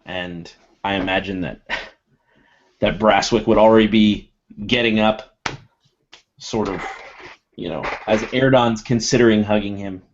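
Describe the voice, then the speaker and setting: A man describing his character's actions in a tabletop game, laughing often in relaxed table talk. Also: on the low side, a little slow, long pauses, a little hiss or hum. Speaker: player. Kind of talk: tabletop role-play narration. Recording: dull lo-fi recording.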